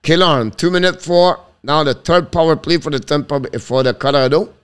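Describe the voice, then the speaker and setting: This hockey play-by-play man is excitable and smooth-voiced, calling a live stream in fast, clipped bursts. Shots send his pitch jumping sharply.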